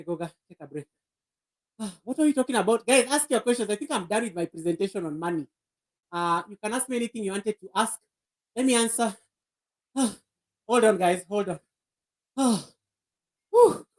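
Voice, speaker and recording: A woman's voice: mid-range voice, lively intonation, moderate pace, long pauses, a little mellow. A woman hosting a casual live stream, playful and laughing, out of breath after dancing. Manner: playful, laughing, bursts of singing. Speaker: livestream host.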